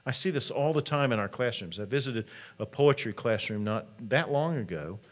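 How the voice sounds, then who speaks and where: A man's voice: medium pitch, lively intonation, moderate pace. A man, a college president, giving a conference talk in a conversational storytelling manner.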